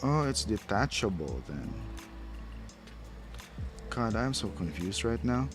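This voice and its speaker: A man who isn't a native English speaker reviews a toy in a casual unboxing commentary, rambling, thinking aloud and chuckling at himself. His voice is on the low side, sing-song and slow, with music playing in the background.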